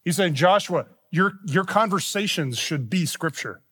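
Pastor preaching in an echoing sanctuary. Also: male voice, high-pitched, lively intonation, measured pace, fairly bright tone, slightly rough. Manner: preaches with rising emphasis on quoted scripture. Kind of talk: sermon. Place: church sanctuary. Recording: long reverb of a church hall.

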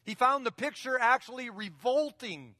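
A man's voice: extremely high pitch, normal speed, sharp tone, clean studio sound. A man preaching a sermon as pastor, in a conversational style that keeps repeating key phrases, heard in a church sanctuary. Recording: long reverb of a large hall.

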